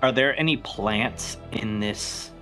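A man's voice: on the low side, slow, fairly bright tone, faint music behind. A man playing a tabletop game, asking questions in a laid-back way. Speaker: player. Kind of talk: casual tabletop game play.

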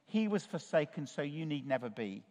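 A man's voice: on the high side, sing-song, moderate pace, darkish tone. A man preaching a sermon in church, telling stories with humour and putting questions to the congregation. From Chile, raised in Africa. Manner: storytelling, humorous, asks the congregation questions. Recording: long reverb of a church hall.

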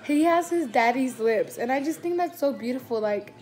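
A woman's voice: high-pitched, lively intonation, normal speed, darkish tone. A young woman vlogger in a casual Q&A chat, teary and emotional, gushing with constant "like" fillers.

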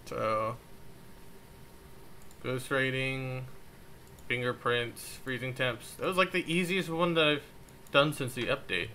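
A man's voice: medium pitch, slow pace, long pauses, pushed and bright, a little hiss or hum. A man streaming a game from home, tipsy, loose and rambling as he jokes with his chat.

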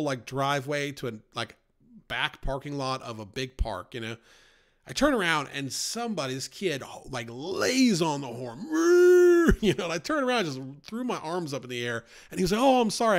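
A man's voice: mid-range voice, a bit bright. A man gives a casual Bible study. He talks in a chatty way and often checks in with "right?" and "you know?". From New York. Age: 40s.

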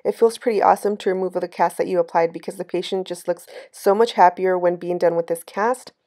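Woman, orthopedic cast tech, voice-over narration, calm, matter-of-fact, even, mellow. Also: on the low side, brisk. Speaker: orthopedic cast technician vlogger.

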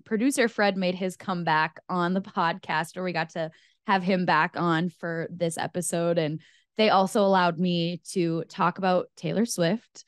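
A woman hosting a podcast in casual chat, voice hoarse and scratchy, rambling and bubbly. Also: fairly low pitch, no room sound, studio quality. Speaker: podcast host.

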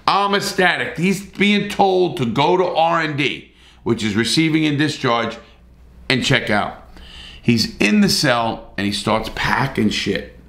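A man's voice: mid-range voice, lively intonation, unhurried, gravelly, fairly bright tone, reverberant. A middle-aged man telling a story in a blunt, profane, casual way, with repeated starts.

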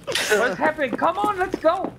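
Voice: high-pitched, very animated, normal speed, creaky. A player on voice chat during a game, frantic, swearing and repeating words. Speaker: gamer on voice chat. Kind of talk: chaotic gaming banter. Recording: loud game noise behind.

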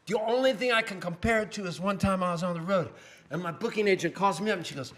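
Man, high voice, singer-songwriter, wry self-mocking stories, live with guitar. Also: lively intonation, quick pace, a bit bright. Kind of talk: live song and comic storytelling.

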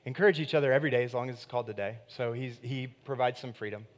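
A pastor preaching a sermon in a conversational, animated way, acting out quoted voices and swinging between loud emphatic bursts and quiet, hushed lines. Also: male voice, mid-range voice, very fast.

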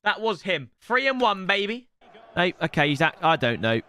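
A young man giving excitable gameplay commentary as a streamer, trash-talking his opponent and shouting at big moments. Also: high-pitched, normal speed.

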